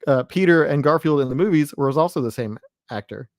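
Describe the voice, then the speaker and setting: A man's voice: fairly high pitch, a little fast, no room sound, studio quality. A man co-hosting a casual live chat, full of trivia and mock complaints. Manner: trivia-minded, mock-arguing. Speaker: co-host.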